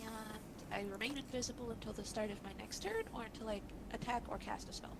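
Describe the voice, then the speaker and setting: A woman's voice: a little high, fast, heavy background noise. A woman playing a tabletop game, reading out her rules hesitantly. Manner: reads rules aloud hesitantly. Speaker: player. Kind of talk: casual tabletop play.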